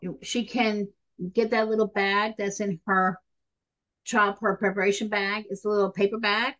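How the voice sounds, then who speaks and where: Middle-aged woman, nursing instructor, lively storytelling lecture to students. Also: medium pitch, normal speed, highs cut off. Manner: chatty and animated, addresses students directly. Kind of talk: recorded classroom lecture.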